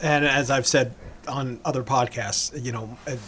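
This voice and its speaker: A man hosting a local podcast, talking in a halting way with many stammers and restarts. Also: medium pitch, steady tone, fairly bright tone, slight background noise. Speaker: podcast host. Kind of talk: casual podcast interview.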